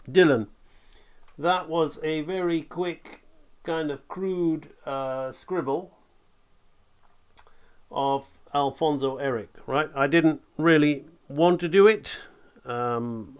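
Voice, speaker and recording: A man teaching animation drawing, talking along while he sketches, relaxed and checking in with "right?". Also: medium pitch, clear, resonant tone. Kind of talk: drawing tutorial, thinking aloud.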